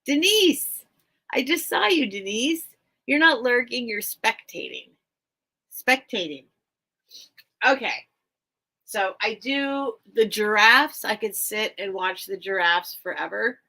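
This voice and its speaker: A woman's voice: medium pitch, sing-song, slow, creaky, pushed and bright. A woman hosting a live online vintage sale from home, rambling and chatting straight to her viewers. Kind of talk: casual live-stream chat.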